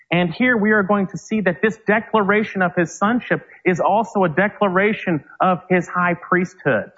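A male preacher giving a Bible teaching sermon, reading scripture slowly and with emphasis. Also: fairly high pitch, lively intonation, fairly bright tone, dull audio. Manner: slow, emphatic verse reading.

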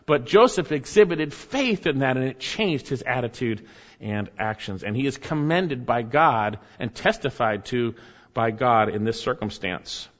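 A man's voice: medium pitch, unhurried. A man preaching a sermon as pastor, earnest, with rising emphasis and asides to the congregation. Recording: dull, hall reverb.

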